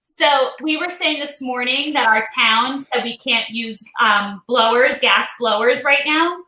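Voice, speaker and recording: Woman, sassy live-stream storyteller, high bright voice, roomy echo. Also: a little slow, a little hiss or hum. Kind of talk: casual chat on a live stream. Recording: roomy remote audio.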